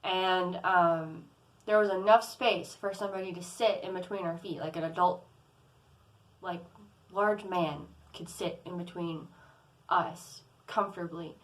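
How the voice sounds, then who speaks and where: A woman's voice: on the low side, steady tone, a little slow, low-quality recording. A young adult woman vlogging, telling a personal story in a casual, rambling way, with many fillers and restarts. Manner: rambling, lots of "like" and "um", restarts often.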